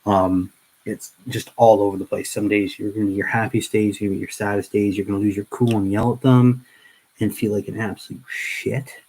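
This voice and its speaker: A middle-aged man chats through a livestream as he paints miniatures, his voice sitting a little low. He rambles earnestly, often restarting his sentences, and talks straight to his viewers. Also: flat delivery, fairly quick, darkish tone, husky, poor audio. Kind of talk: casual livestream chat.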